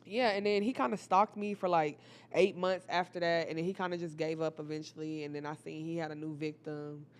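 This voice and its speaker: A young woman telling a personal story to her viewers in a casual, animated, profane way, often calling out to the audience. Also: low-pitched, a little fast, smooth.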